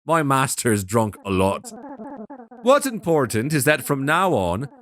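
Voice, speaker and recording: A man's voice: mid-range voice, very animated, measured pace, fairly bright tone. A man voicing a cheeky, faintly sinister magical boy doll with a put-on Irish accent.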